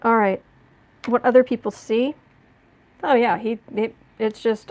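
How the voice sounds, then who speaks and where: A woman's voice: a little high, unhurried, vocal fry, long pauses. A woman giving a casual tarot reading, musing aloud and often restarting or repeating words. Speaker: tarot reader.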